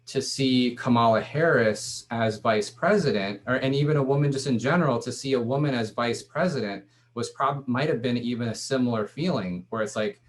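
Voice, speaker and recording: A man's voice: medium pitch, moderate pace, few pauses. A man and startup founder, talking to an audience in a loose, conversational way full of restarts and fillers. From Latino background. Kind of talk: casual talk to an audience.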